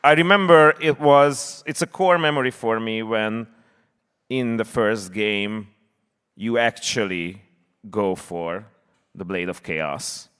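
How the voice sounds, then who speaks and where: A man's voice: fairly low pitch, slow, a bit bright, clear, resonant tone. A man interviewing a guest on a convention stage, talking earnestly and effusively. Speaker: panel interviewer. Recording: reverb of a large hall.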